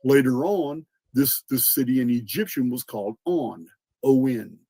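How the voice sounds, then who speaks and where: Podcast host, male, mellow husky lecturer, earnest, dry close sound, slight cough. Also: mid-range voice, lively intonation, unhurried, dry recording. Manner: earnest explainer, repeats and restarts words, spells out names. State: coughing, clearing throat. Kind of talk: lecturing monologue.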